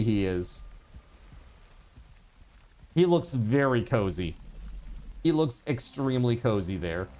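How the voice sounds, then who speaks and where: A male game streamer talking casually to his live chat, rambling and filling gaps with lots of filler words. His pitch rises and falls a great deal, so he sounds lively and animated. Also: slow, long pauses. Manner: rambling, chatty, many fillers; talks to chat viewers. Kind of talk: casual livestream chat while gaming.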